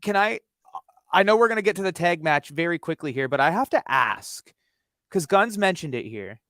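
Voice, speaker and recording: A man's voice: a little high, lively intonation, moderate pace, a bit bright, dry recording. Dry-sounding man, blunt and profane. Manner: blunt, profane, backs up the host. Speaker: guest co-host. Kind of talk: casual livestream chat.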